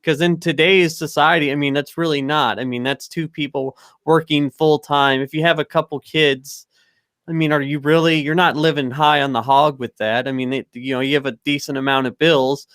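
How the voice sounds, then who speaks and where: A man's voice: on the high side, fairly bright tone, no echo, studio quality. A man hosting a political talk stream, conversational and thinking aloud.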